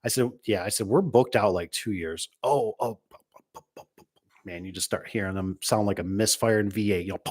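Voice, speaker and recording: A man's voice: lowish voice, normal speed. Rambling man telling shop stories. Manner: rambling, storytelling with acted-out quotes. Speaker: garage door business owner. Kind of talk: casual chat.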